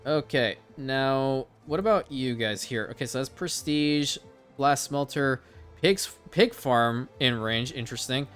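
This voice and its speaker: A man with a bright, forceful voice talks through a strategy game in casual commentary, musing to himself and throwing in the odd swear word. Faint game music plays behind him. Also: mid-range voice, measured pace. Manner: thinks aloud, casual swearing. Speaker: let's play host.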